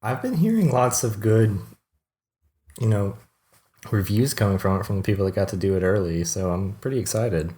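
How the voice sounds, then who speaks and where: A man's voice: fairly low pitch, lively intonation, normal speed, mellow. A man co-hosting a podcast, chatting in a laid-back, wry way. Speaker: podcast co-host. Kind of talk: casual chat.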